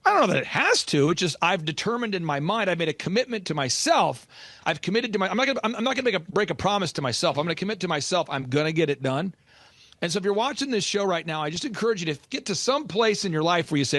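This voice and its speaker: A man's voice: high-pitched, big pitch swings, fast, fairly bright tone, no echo. A man talking as a business coach on a podcast, emphatic and urgent, repeating key lines for stress. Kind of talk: motivational podcast talk.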